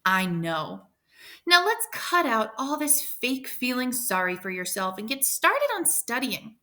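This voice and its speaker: A tough, determined woman coach from a storybook, as a teacher reading aloud puts her on, firm and brisk with emphatic pushes on her words. The tone rings bright and clear. The pitch jumps up high on sharp questions. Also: very animated, exaggerated voice. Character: determined demanding woman tutor coaching a girl.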